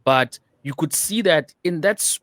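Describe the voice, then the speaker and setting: A man's voice: on the high side, animated, unhurried, a bit bright, no room sound. Rambling man talking football. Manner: rambling, frequent "you know" and restarts. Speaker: podcast co-host. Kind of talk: casual football chat.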